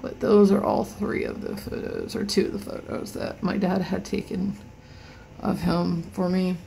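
A woman filming a casual unboxing vlog at home, talking haltingly with many fillers, anxious and in pain. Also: fairly low pitch, level tone, creaky, mellow, a little hiss or hum. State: anxious and in pain, hand shaking. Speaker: vlogger. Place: home, indoors.

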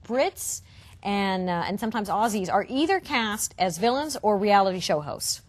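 Lively, animated woman talk show host. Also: mid-range voice, noisy background. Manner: playful, teasing, quick with jokes. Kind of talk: casual interview chat.

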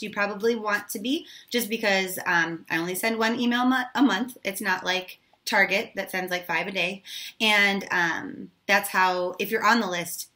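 Hoarse, chatty young woman reading tarot. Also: mid-range voice, bright, forceful tone. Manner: chatty, informal, swears casually. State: hoarse, has lost her voice. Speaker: tarot reader. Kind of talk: casual tarot reading to camera.

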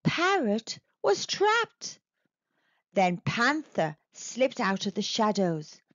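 A woman reads a children's picture book aloud as a storyteller, slowly and with big, animated swings in her voice. Her voice sits a little high. The recording is dry and slightly dull, like a lo-fi home mic. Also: no echo. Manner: slow, expressive, very animated reading.

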